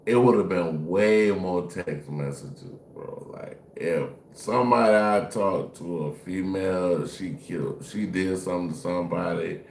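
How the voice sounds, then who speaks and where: A man's voice: sits low, measured pace, vocal fry, few pauses, darkish tone, reverberant, a little hiss or hum. A man co-hosting, talking in a laid-back, slangy way. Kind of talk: casual chat.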